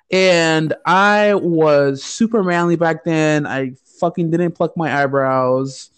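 A woman's voice: sits low, takes it slowly, hardly any pauses, smooth. A woman from the United States co-hosting a podcast, telling a story in casual chat, profane and often laughing. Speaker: podcast co-host.

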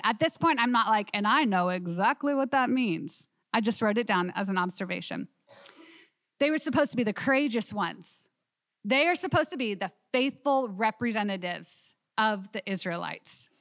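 A woman teaching a women's Bible study class, animated and asking her listeners questions. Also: fairly high pitch, dry recording, clean studio sound.

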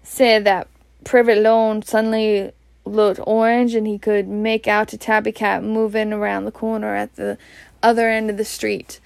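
A woman with a Scottish accent reading a storybook aloud in Scots, slowly and evenly, with some slips and restarts. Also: mid-range voice, gravelly, no echo. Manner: slow, even, with slips and restarts. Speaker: reader.

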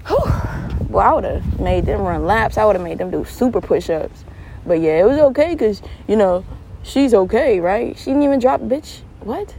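A young adult woman hosting a podcast alone, telling stories with animated laughter and turning earnest when giving advice. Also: mid-range voice, moderate pace, slight background noise, poor audio. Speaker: podcast host. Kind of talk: casual solo monologue.

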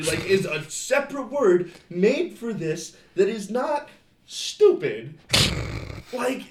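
A man talks in a casual, sarcastic podcast chat, his voice slightly high and swinging widely in pitch. The room sounds echoey, with a faint hiss underneath. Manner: animated, sarcastic, quick asides. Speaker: podcast co-host. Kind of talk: casual chat reviewing a reality show.

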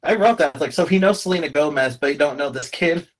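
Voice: medium pitch, fast talker. A co-host in casual chat, chiming in with playful remarks. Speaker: podcast co-host.

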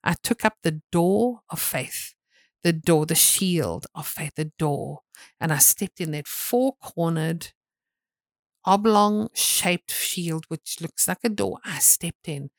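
A woman's voice: lowish voice, slow, no echo, clean studio sound. A woman preaching a sermon, emphatic and repetitive, with sudden dramatic bursts.

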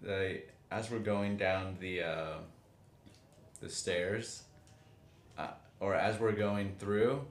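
A man's voice: low voice, takes it slowly, long pauses. A man playing in a tabletop game, joking and rambling casually. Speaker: player. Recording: echoey room, faint noise.

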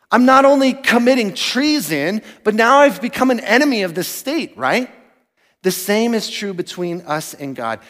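Man, pastor preaching to a church; fervent, dynamic delivery, reverberant sanctuary. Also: a little high. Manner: impassioned preaching, swinging from loud to hushed. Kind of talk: sermon.

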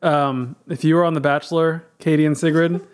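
A man co-hosting a podcast in casual chat, teasing and joking, talking in quick bursts. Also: fairly high pitch, steady tone, clean tone. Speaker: podcast co-host.

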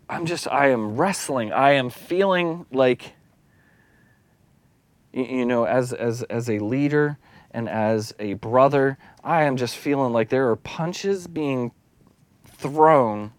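A man's voice: mid-range voice, slow, pauses often, dry recording. A man preaching a sermon as a lay leader, speaking candidly and confessionally, with restarts and small laughs.

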